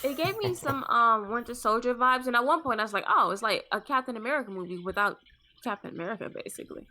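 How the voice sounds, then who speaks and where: A woman co-hosting a casual podcast, making quick, exasperated asides. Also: on the high side, lively intonation, sharp tone. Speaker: podcast co-host. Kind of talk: casual chat about a TV episode.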